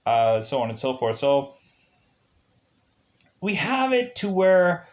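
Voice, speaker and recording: Slow, rambling man with a Midwest accent. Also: mid-range voice, dull audio. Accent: Upper Midwest US. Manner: rambling, many fillers, chuckles to himself. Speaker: TV episode reviewer. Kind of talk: casual spoken review.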